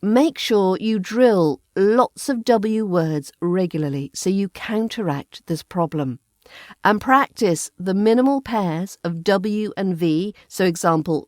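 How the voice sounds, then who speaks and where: A woman's voice: mid-range voice, a little mellow, no room sound, clean studio sound. A woman with an RP British accent, a podcast host giving a scripted accent lesson with careful, precise enunciation. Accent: RP British English.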